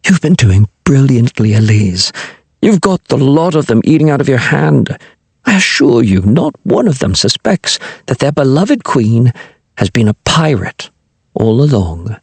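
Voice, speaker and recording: A man voices a swaggering, charming rogue with a slightly husky, lively voice. He teases and soothes breezily, close and dry. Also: medium pitch, unhurried, no echo, exaggerated voice. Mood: breezy. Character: roguish, swaggering older male pirate charmer.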